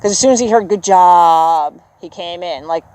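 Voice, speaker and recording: A horse trainer coaching a student through a riding lesson in an outdoor arena. The trainer keeps praising the horse and explains things in a relaxed, chatty way. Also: mid-range voice, normal speed, no room sound, low-quality recording. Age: adult with children. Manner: encouraging, praises the horse often.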